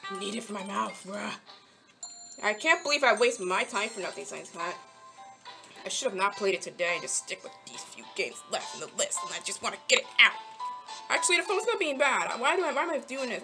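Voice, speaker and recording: Young woman, slightly high voice, rambling and easily irked, casual gameplay chatter, faint music bed. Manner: rambling, talks to game characters, easily frustrated. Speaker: mobile game channel host.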